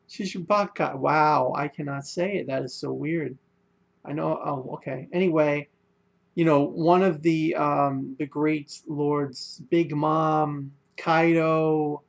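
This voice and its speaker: Young male reviewer, casual rambling delivery, gravelly, slightly high voice. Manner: rambling, many fillers and restarts. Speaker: manga reviewer.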